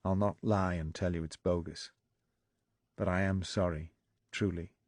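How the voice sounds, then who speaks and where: A man voicing a gruff Lancashire politician. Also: deep voice, steady tone, unhurried, no room sound, studio quality. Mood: contrite. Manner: blunt, then hushed and apologetic. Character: gruff older male politician, caught out and sheepish.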